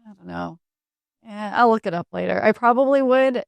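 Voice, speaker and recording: A woman's voice: mid-range voice, moderate pace, vocal fry, dry recording, lo-fi sound. A woman from Canada hosting a casual sports chat in a bubbly, teasing way. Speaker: host.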